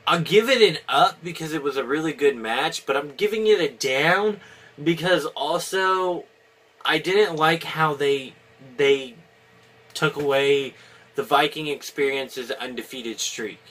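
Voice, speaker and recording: A man's voice: on the high side, unhurried, a bit bright. A man giving a casual, opinionated video review, rambling with many restarts and fillers. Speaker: wrestling reviewer.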